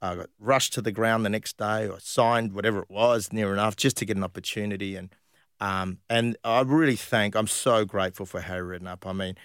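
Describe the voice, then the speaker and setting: A middle-aged man from Western Australia, telling animated stories as an interview guest, full of fillers. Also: lowish voice, fairly quick, clean tone, no room sound, studio quality. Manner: animated anecdotes with frequent laughs and fillers. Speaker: guest, former footballer. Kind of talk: casual storytelling interview.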